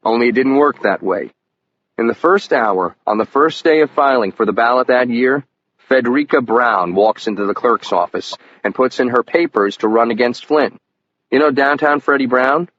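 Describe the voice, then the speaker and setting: A man giving scripted first-person audiobook narration in an even, measured storytelling manner. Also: medium pitch. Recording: muffled lo-fi audio with faint hiss.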